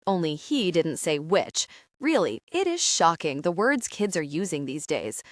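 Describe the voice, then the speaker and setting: A woman narrating a novel in first person with a wry, sardonic edge. Her pitch swings a great deal as she tells the story. The sound is dry and close, with no room around it. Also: big pitch swings, a little slow, no room sound. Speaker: audiobook narrator.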